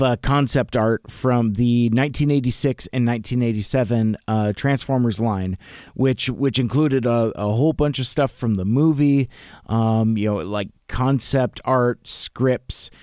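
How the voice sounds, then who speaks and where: A man's voice: medium pitch, measured pace, darkish tone, dry recording, clean studio sound. A middle-aged man hosting a podcast, chatting casually and rambling with lots of fillers and restarts. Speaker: podcast host. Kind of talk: casual chat.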